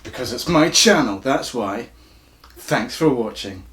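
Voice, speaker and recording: A Scottish YouTuber with a croaky voice, casually flubbing takes and swearing at his own mistakes. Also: mid-range voice, animated, a little slow, heavy background noise. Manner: swears freely at his own flubs, self-mocking.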